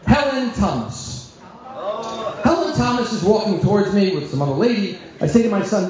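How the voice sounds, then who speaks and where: Male rabbi storyteller, high and lively; comic timing, booming hall echo. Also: normal speed. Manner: animated, self-mocking, comic timing. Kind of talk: comic storytelling talk to an audience. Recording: echoey hall, dull sound.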